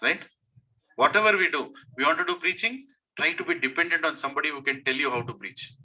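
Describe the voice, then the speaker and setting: Indian man preaching, high sharp voice, hammers points home by repeating them. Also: quick pace, breathy edge, poor audio. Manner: emphatic, repeats key phrases. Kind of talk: devotional sermon to a congregation.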